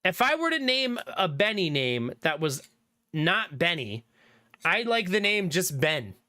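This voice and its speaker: A man's voice: high voice, very animated, a little slow, bright, forceful tone. A man in his thirties, a livestreamer chatting casually with viewers, reading chat aloud and laughing often.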